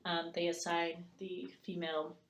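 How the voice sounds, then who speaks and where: A woman with a somewhat low voice presents a lesson at an explanatory pace, pausing on filler words and reading out example sentences. The recording carries a noticeable room echo. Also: completely flat delivery, lo-fi sound. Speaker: student presenter.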